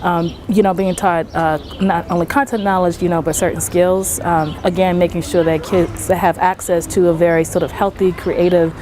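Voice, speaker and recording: Woman, interview, outdoors, thoughtful, hesitant, lowish voice. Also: flat delivery, normal speed, hardly any pauses, noisy background.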